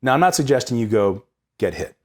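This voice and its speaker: Young guy hosting a sunday readings talk, kinda husky, pitch jumps all over, chatty and pumped, trips over words sometimes. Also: brisk. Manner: energetic, conversational, repeats words when excited. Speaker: host of a Sunday readings reflection. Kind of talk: casual reflection on scripture.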